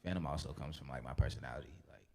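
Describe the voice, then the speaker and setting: A young man speaks in an exceptionally low, husky voice with a dark, mellow tone. He talks in a loose, laid-back way, wandering through his thoughts with plenty of fillers, and a long hall reverb trails behind every phrase. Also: very fast. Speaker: rapper guest. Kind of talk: casual interview chat.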